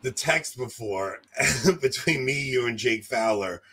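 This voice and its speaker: A man co-hosting a casual livestream chat, loud and often laughing as he tells stories into a close desk mic. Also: medium pitch, expressive, measured pace, husky. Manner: loud, laughs a lot while telling stories. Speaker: podcast co-host. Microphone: desk mic close to face.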